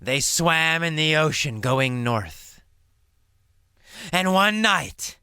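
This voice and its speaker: A man teaching English by telling a story slowly, asking questions and answering them himself. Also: on the high side, lively intonation, pushed and bright, clear, resonant tone, no room sound, clean studio sound. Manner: repeats and answers his own questions, dramatic swings to near whisper.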